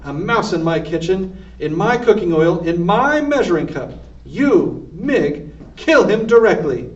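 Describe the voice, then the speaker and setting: A man voicing a loud, bossy, harsh woman cook who shouts orders. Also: a little high, expressive, moderate pace, close to an everyday voice. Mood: furious. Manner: shouting commands. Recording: distant roomy lo-fi recording.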